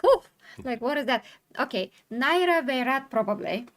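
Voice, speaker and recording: A woman's voice: high voice, expressive, moderate pace, a bit bright. Woman host reading an article on a stream. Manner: reads with stumbles over hard names. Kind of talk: casual chat and reading an article aloud.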